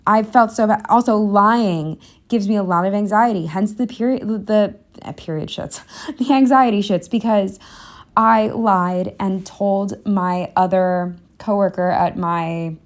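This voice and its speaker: A woman's voice: medium pitch, steady tone, unhurried. Candid, rambling young woman vlogger. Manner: candid, self-deprecating, rambling with fillers. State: a bit out of breath. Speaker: planner vlogger. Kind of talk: casual voice-over narration.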